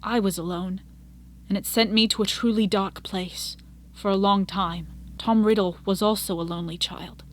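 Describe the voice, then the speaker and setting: A woman voicing a wise old male wizard who speaks slowly in a lowered, measured voice. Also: fairly even intonation, natural voice. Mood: grave.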